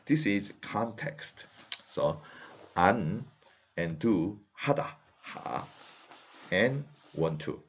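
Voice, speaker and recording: A deep-voiced man speaks English with a Korean accent, his intonation rising and falling in a lively way. He teaches patiently, repeating each example phrase and pausing with "uh". The recording sounds slightly muffled and lo-fi. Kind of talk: online language lesson.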